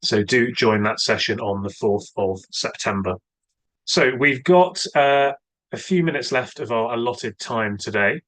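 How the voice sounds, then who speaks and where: A man's voice: medium pitch, a little slow, a bit bright, no echo, low-quality recording. A man hosting an online safety roundtable, talking with many hesitations and filler sounds over a video call. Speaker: roundtable host.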